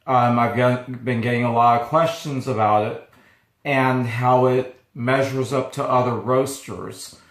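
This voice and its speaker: A man who owns a small coffee roasting business, talking casually to camera in a halting, easygoing way, his voice not yet fully recovered. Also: mid-range voice, fairly even intonation. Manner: halting and easygoing, pausing often. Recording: echoey room.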